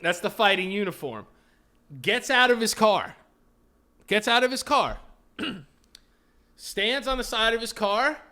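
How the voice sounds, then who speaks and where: His high-sitting voice is unhurried, broken by long pauses. As a Florida podcast co-host, he tells a story in casual chat, profane and animated, performing the people in it.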